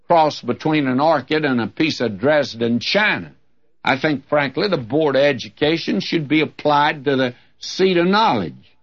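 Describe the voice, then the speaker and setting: An older male pastor preaching a sermon in a folksy, humorous way, reading scripture with emphatic swings. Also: fairly high pitch. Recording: dull lo-fi old sermon recording.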